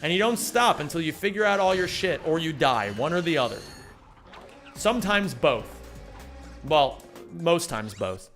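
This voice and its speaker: A man's voice: on the high side, very animated, a little slow, fairly bright tone, faint music behind. A young man live-streaming a game, chatting casually and rambling, swearing often and reading chat aloud.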